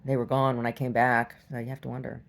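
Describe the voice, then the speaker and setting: A young adult woman telling a story in a casual, animated vlog rant, laughing and swinging between loud outbursts and hushed asides. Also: very deep voice, quick pace, gravelly, slight background noise. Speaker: vlogger.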